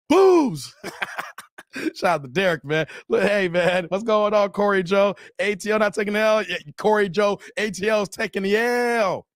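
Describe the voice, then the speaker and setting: A man in his forties hosting a casual livestream, animated and joking, calling out viewers by name and playing with his voice. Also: sits high, dry recording, clean studio sound. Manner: animated, joking, calls out chat names, playful voice changes. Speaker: livestream host. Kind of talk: casual live-stream chat.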